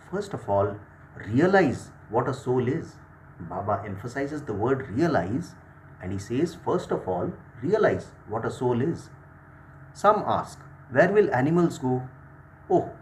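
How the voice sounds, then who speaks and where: Guy reading a sermon, repeats each bit then explains it, middle pitch. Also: slight background noise. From India. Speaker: spiritual class reader.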